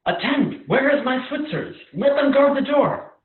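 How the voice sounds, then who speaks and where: Actor as a commanding, uneasy king, lively pitch, tinny echoey line. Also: takes it slowly. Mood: alarmed. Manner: commanding, declamatory verse delivery. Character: Claudius, a scheming anxious king. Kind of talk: amateur remote play reading.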